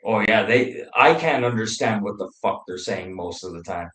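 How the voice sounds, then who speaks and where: A man's voice: fairly low pitch, expressive, normal speed, a bit bright, roomy sound, rough recording. A man from Canada chatting casually on a group call, rambling and swearing freely. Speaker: call participant.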